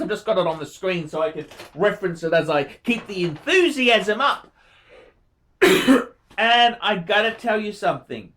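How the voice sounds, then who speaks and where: Swearing, excitable man in his forties. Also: sits high. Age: 40s. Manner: profane and emphatic, repeats words for emphasis; effusive, enthusiastic. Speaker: watch channel host. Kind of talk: casual review monologue.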